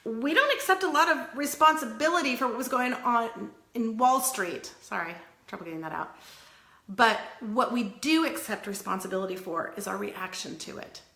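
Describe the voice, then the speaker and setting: Woman, earnest tough-love pep talk, chatty asides, slightly high pitch, bright tone. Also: moderate pace, creaky, reverberant. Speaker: wellness vlogger. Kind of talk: motivational talk to camera.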